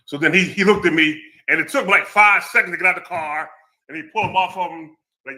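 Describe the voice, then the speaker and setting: A man's voice: high voice, quick pace. A former law enforcement man in casual chat, telling stories with street slang. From American Southwest. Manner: street slang, animated storytelling.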